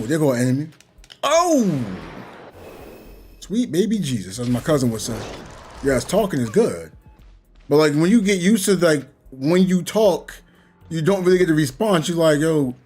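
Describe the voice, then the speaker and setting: A young man chats loosely while playing a video game, drifting from thought to thought with small chuckles. His voice sits a little high for a man and swings widely in pitch. Faint game music hums behind him. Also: animated, a little fast, darkish tone. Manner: rambling, reflective, chuckles between points. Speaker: gaming channel host.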